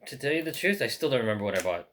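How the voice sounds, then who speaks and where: A man's voice: mid-range voice, very animated, racing, background noise. A man talking casually as he unboxes and shows old books, thinking aloud with many fillers and restarts. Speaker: book collector. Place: in France.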